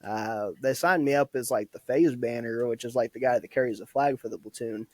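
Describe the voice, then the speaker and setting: A man's voice: medium pitch, fairly quick, no echo. Young man, podcast guest, casual storyteller, laughs a lot and swears; dry close recording. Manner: laughs often, swears freely. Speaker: podcast guest, former soldier.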